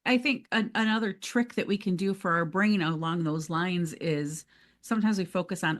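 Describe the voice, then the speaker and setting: A woman co-hosting a motivational podcast in casual chat, animated and laughing often, acting out quoted self-talk. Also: on the low side, normal speed. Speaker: podcast co-host.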